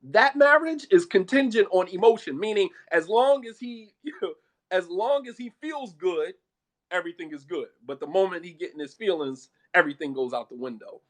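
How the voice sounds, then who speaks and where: Brief: male lecturer, high voice, blunt colloquial sermon on marriage, emphatic delivery. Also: expressive, moderate pace. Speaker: Islamic speaker.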